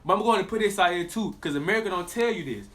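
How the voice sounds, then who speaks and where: A man's voice: sits high, rapid-fire, background noise. A man giving a preachy monologue to the viewer, reading scripture aloud and stressing his points through repetition. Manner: emphatic, repetitive, addresses the viewer directly. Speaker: religious commentator.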